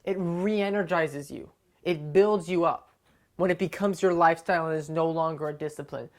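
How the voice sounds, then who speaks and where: A woman's voice: sits low, moderate pace, darkish tone. A woman giving a short, conversational devotional talk to camera, often checking in with "right?". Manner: conversational, keeps asking "right?". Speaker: devotional speaker.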